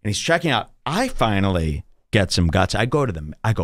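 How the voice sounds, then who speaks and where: A man's voice: lowish voice, big pitch swings, fairly quick, no echo, clean studio sound. A man hosting a podcast, telling a rambling story in casual chat and swearing freely. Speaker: podcast host.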